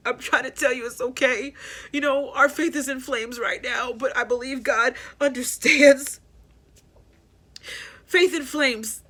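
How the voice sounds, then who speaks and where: A woman hosting a personal grief podcast, talking candidly and haltingly, repeating herself as she works through her thoughts. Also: high voice, sharp tone. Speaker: podcast host.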